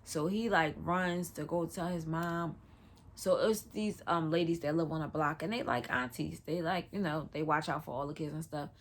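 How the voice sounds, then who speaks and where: A woman's voice: low-pitched, moderate pace, slight background noise. A woman vlogger telling a personal story in a casual storytime, slangy and loose, full of "like" fillers.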